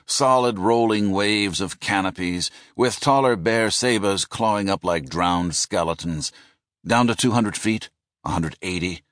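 A man narrating a thriller audiobook in a measured, descriptive manner. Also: deep voice, no room sound, clean studio sound. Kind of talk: scripted narration.

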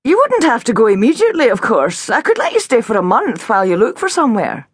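A woman's voice: fairly high pitch, wildly swooping pitch, quick pace, slightly rough, no echo, studio quality, pitched above the performer's own voice, heavily acted. A woman voicing a large, vague older landlady who sounds polite and apologetic but stays firm, in a syrupy, over-sweet voice. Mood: sugary, firm.

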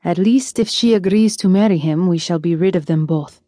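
A woman voicing a guilt-ridden young male prince, speaking low, weary and stern. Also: moderate pace, warm tone, no room sound, studio quality, lightly acted. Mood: brooding.

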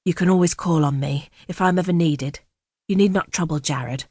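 A woman narrator voicing an older, fatherly-seeming man who speaks low, urgent and ingratiating. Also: moderate pace, a little mellow, slightly rough, no echo, clean studio sound.

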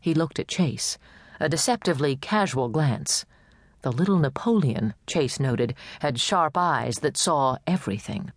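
Woman narrator, audiobook reading, low voice, dry close sound. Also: animated, moderate pace, no echo. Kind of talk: scripted narration.

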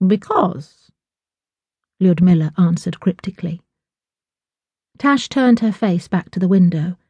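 A woman narrating a novel in a measured, even storytelling manner. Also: on the low side, slightly rough, dry recording, lo-fi sound. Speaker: audiobook narrator. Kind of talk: scripted narration.

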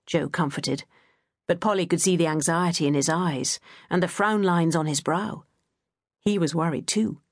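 A woman reads a novel aloud in a gentle, measured way. Her voice sits a little low with a husky edge. The recording is dry and close, with no room sound. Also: no room sound. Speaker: audiobook narrator. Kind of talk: scripted narration.

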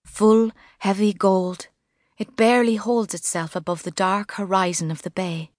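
A woman's voice: medium pitch, steady tone, darkish tone, no room sound. Woman narrating an audiobook, dry studio. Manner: measured, vivid literary reading. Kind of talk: scripted first-person narration. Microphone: studio mic.

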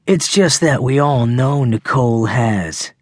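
A nervous teenage boy hiding behind sullen sarcasm, as a male audiobook narrator voices him. His lines come out cold and needling. The voice is husky and dry, with no room sound. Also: mid-range voice, animated, takes it slowly, no room sound. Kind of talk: audiobook character voice.

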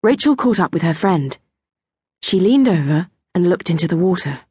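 Breathy woman reading a kids' audiobook, lively sing-song, dry close studio mic. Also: on the low side, moderate pace, no room sound. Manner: gentle storytelling, lively intonation. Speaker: audiobook narrator. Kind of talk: children's audiobook narration. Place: recording studio.

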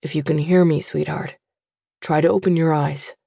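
A woman voicing a gentle, worried middle-aged father who coaxes softly in an audiobook. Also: low-pitched, steady tone, moderate pace, gravelly, no room sound, studio quality, voice pushed down. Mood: tender. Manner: tender, coaxing.

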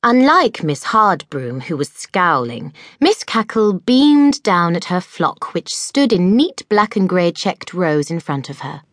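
A woman narrating a children's audiobook with expressive storytelling. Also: lowish voice, dry recording, clean studio sound. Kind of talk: scripted narration.

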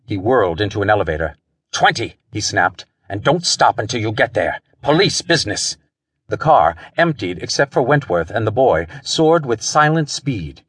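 A man's voice: fairly low pitch, husky, no echo. A man narrating a pulp thriller audiobook in a dramatic storytelling style.

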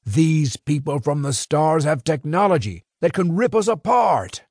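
A man's voice: a little high, expressive, measured pace, darkish tone, no room sound, clean studio sound, pitched above the performer's own voice. A man voicing a proud, defiant werewolf chieftain who warns and pleads urgently. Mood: pleading.

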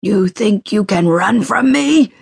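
A woman voicing a drunk, menacing bearded man who snarls and shouts taunts in an audiobook thriller. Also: fairly low pitch, little pitch movement, moderate pace, no echo, studio quality, natural voice. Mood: taunting.

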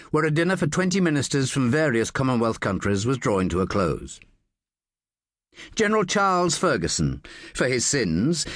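Male thriller narrator, mid-pitched and animated, dry studio read. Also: no echo. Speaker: audiobook narrator.

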